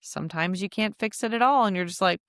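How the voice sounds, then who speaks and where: Woman, podcast host, casual solo talk, chatty, dry close sound, smooth tone. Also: medium pitch, fast, no room sound. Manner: chatty, laughs often, acts out quotes.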